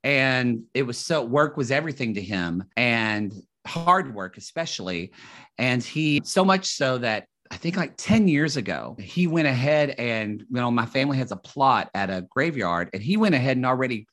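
Guy rambling thru a family story on a podcast, lots of restarts, mid pitch. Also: expressive, moderate pace, fairly bright tone. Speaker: podcast guest. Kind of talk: casual storytelling.

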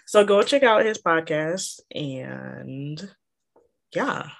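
A young woman co-hosting a podcast in casual chat, with a calm, soothing voice and frequent giggles. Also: sits low, creaky. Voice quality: calming voice. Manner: slow, soft-spoken, giggly. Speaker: podcast co-host.

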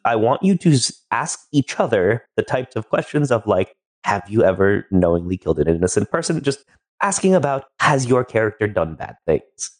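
Guy gm-ing a tabletop game, bouncy pitch, playful and laid back. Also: sing-song, moderate pace. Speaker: game master.

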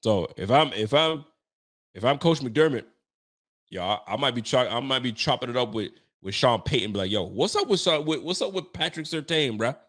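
A man's voice: medium pitch, lively intonation, moderate pace, fairly bright tone. A young man hosting a sports show, venting in a heated postgame rant, slangy and repetitive. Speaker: sports podcast host.

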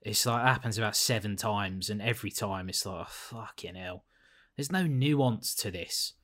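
A man's voice: lowish voice, normal speed, fairly bright tone. A man with a blunt, sweary, rambling manner, chatting casually as a podcast co-host reviewing a film.

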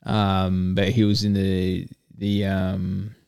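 A man, a podcast guest telling a story slowly and jokily, with many fillers. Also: sits low, completely flat delivery, gravelly, a little mellow, smooth, no echo, clean studio sound. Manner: slow, hesitant, jokey storytelling with many fillers. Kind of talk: casual podcast chat.

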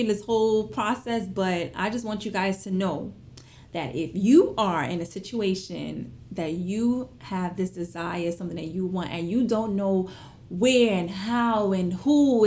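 A young woman telling viewers a personal story in an animated, chatty way, full of fillers and asides. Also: mid-range voice. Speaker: vlogger.

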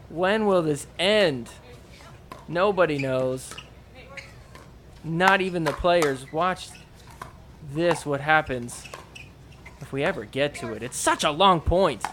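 Chatty man narrating sports highlights. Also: background noise. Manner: chatty play-by-play narration over match footage. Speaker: podcast host. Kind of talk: casual sports recap commentary.

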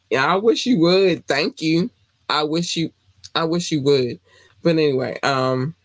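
A man hosting a casual live-stream podcast, talking loosely and gushing through shout-outs to listeners, sometimes jumping into squealed high greetings. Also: dry recording. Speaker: podcast host.

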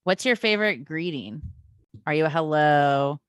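Low-voiced woman, casual chatty co-host. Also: expressive, normal speed, clear, resonant tone, no echo. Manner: swears casually, playful and chatty. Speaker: podcast co-host. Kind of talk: casual chat.

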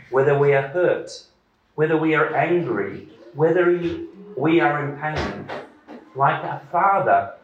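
A man's voice: medium pitch, reverberant, low-quality recording. A man, a church elder, giving a conversational sermon with many hesitant fillers.

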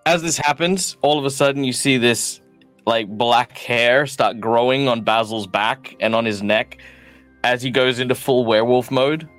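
A man's voice: medium pitch, moderate pace, fairly bright tone, faint music behind. A man playing his character in a tabletop role-playing game, describing actions with frequent ums and uhs. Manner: hesitant, full of ums and uhs. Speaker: player.

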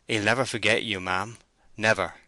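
A steady, plain-spoken farm bailiff who weighs each word slowly and gravely, as a male reader puts him on. The voice is low and forceful, with a dry, close sound. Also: no room sound. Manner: slow, grave, homely. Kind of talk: audiobook character voice.

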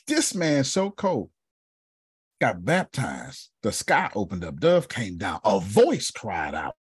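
Husky-voiced man preaching with animated pitch. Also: measured pace, no echo, studio quality. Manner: dramatic, repeats a refrain, calls on listeners by name. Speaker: speaker. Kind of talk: preaching-style storytelling talk.

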